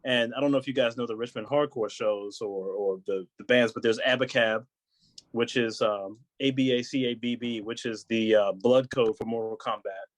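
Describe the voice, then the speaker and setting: A man with a mid-range voice tells a story on a podcast. His delivery is animated, and he jumps into quoted lines as he talks. The sound is dry and close, with almost no room echo. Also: medium pitch, normal speed. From United States. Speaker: podcast guest. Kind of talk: casual chat.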